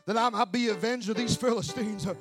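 High-pitched man preaching in sing-song shouts. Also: fairly even intonation, fast talker. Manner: swings between hushed asides and shouted, sing-song preaching cadence. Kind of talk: sermon. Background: faint music from an accompanist.

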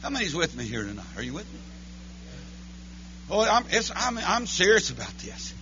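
A man preaching a holiness church sermon, chanting his lines between breathy "uh, amen" beats. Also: high-pitched, big pitch swings, moderate pace, bright, forceful tone, muffled recording, a little hiss or hum. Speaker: pastor. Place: church sanctuary.

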